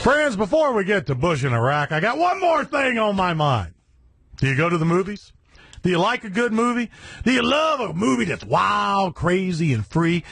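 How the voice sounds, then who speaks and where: A man hosting a satellite radio show, ranting in a brash, profane monologue with sudden shouted bursts. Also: sits high, very animated, moderate pace, creaky, breathy edge.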